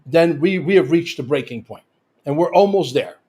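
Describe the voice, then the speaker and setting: A man's voice: fairly high pitch, expressive, moderate pace, warm tone. A man speaking as a guest in casual conversation, emphatic and repetitive, with frequent restarts.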